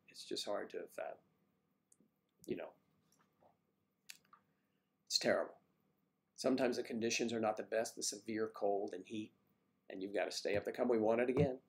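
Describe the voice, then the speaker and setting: An older man hosting a casual livestream, chatting warmly with viewers by name and rambling through stories. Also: on the low side, vocal fry. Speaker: livestream host reading viewer comments. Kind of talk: casual chat.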